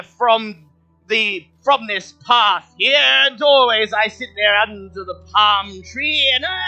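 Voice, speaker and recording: A man's voice: high-pitched, bright, forceful tone, pitched above the performer's own voice, heavily acted, rough recording. A man doing a genteel, chatty old camel. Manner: polite, chatty, old-fashioned phrasing.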